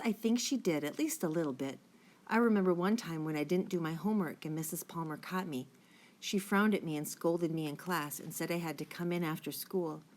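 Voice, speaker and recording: A woman reading the part of a calm father gently reassuring his son at night. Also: sits low, lightly acted. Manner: gentle, soothing, thoughtful.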